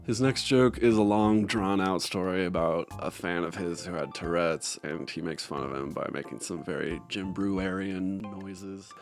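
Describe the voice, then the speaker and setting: Deep-voiced young man giving sarcastic critique. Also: fairly even intonation, unhurried, hardly any pauses, faint music behind. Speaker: video essayist and critic. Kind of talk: comedy critique commentary.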